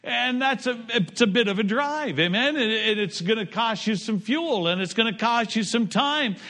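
Brief: middle-aged male pastor, high clear voice, dynamic pulpit delivery. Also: lively intonation, normal speed. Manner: preachy, swings between loud raised lines and low quiet ones. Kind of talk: sermon.

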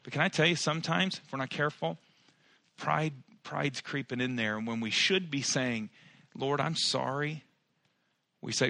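A male pastor preaching a sermon in church, building to loud emphatic peaks and dropping to quiet, personal asides. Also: medium pitch, normal speed, vocal fry, long pauses, dry recording. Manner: preaching with swelling, emphatic rises and soft drops.

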